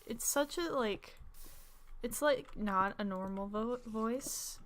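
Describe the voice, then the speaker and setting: Slow and a little high, with a fairly bright tone, this young streamer giggles and rambles through casual gaming chat packed with filler words. She describes her own voice as alto. Slight background noise can be heard.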